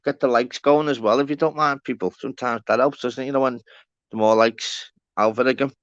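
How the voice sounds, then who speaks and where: A man's voice: medium pitch, steady tone, brisk, dry recording, dull audio. A man from Liverpool with a Scouse accent, hosting a rambling, casual live stream, swearing and calling his viewers by name. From Walton, Liverpool, England.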